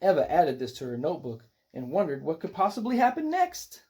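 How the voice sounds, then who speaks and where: A reader narrates a children's picture book aloud. The delivery rises and falls a great deal, keeping the story lively and expressive. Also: mid-range voice, brisk.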